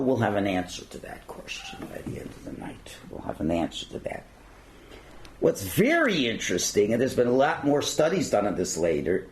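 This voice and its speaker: A man's voice: mid-range voice, rough recording. A man lecturing at a synagogue learning centre, reading passages aloud and then commenting in his own words with fillers. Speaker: rabbi lecturer.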